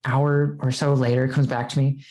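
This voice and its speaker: A woman's voice: very deep voice, little pitch movement, moderate pace, warm tone, echoey room, rough recording. A woman as a podcast guest, telling a personal story in casual chat, full of "like" fillers and quoting what she said. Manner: chatty, many "like" fillers, quotes herself.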